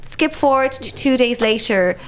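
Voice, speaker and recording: An Irish woman in her forties tells a story on a casual podcast, lively and quick with her asides. Her voice sits a little high, with a faint hum of room ambience behind her. She swears freely and keeps the story rolling. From Ireland. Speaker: podcast co-host, comedian. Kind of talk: casual chat.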